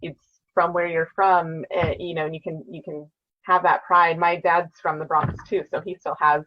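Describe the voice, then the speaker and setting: Woman, speech therapist guest, friendly explanations, lots of fillers, slightly low voice, dull lo-fi audio. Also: flat delivery, moderate pace, slight background noise. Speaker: speech-language pathologist guest. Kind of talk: casual interview chat.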